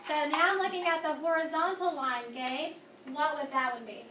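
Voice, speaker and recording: High-voiced teacher in echoey classroom. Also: female voice, fairly even intonation, moderate pace, far from the mic, noisy background. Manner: upbeat, coaxing, repeats key words. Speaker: elementary school teacher. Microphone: far camera.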